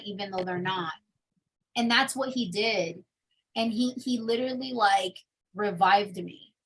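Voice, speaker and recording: A young adult woman telling her personal testimony in an interview, in a casual, animated storytelling manner. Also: fairly high pitch. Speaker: interview guest.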